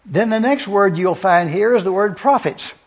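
A man's voice: sits high, moderate pace, slightly rough, highs cut off. A man preaching an expository Bible lesson, methodically listing and repeating points for review with a dry touch of sarcasm.

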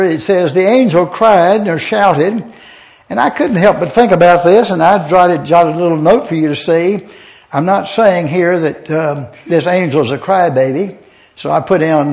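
A man teaching a verse-by-verse Bible lesson, reading Scripture aloud and explaining Greek words in a measured way. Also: sits high, a little mellow. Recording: dull lo-fi recording.

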